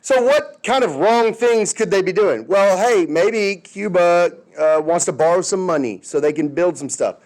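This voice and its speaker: A man's voice: high voice, animated, normal speed, hardly any pauses, darkish tone. A male history teacher giving a casual, conversational classroom lecture, often checking in with his students.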